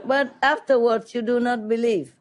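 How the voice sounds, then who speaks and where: A woman's voice: on the high side, steady tone, normal speed, pitched above the performer's own voice, lightly acted. A woman voicing God as a weary voice from above, dryly refusing and bargaining as she tells a joke. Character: weary all-knowing God, male voice from above.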